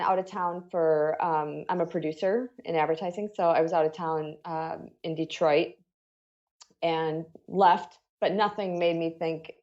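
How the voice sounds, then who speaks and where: A woman's voice: low voice, darkish tone, lo-fi sound. A middle-aged woman telling a personal story as an interview guest, talking earnestly and conversationally with lots of "you know" and "like.".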